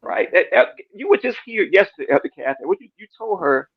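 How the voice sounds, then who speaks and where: A man sharing a casual church testimony, animated and repetitive, acting out his talks with God. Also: high-pitched, fast, creaky, husky. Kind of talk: casual church panel discussion. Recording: dull lo-fi dry sound.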